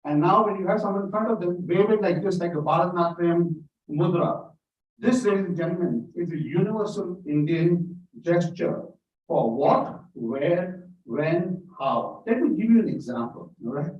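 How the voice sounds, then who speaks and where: A man giving a playful, animated prepared speech at a club meeting over a video call, talking straight to his audience. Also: high voice, moderate pace. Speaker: club speaker. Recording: echoey, distant, dull sound.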